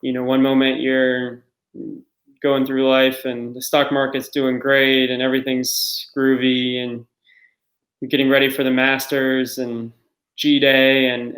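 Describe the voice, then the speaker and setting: A man in his thirties, an emergency doctor, answering interview questions in a reflective, halting way with many fillers. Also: medium pitch, monotone, a bit bright. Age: 30s. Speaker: ER doctor guest. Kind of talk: remote interview. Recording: echoey room.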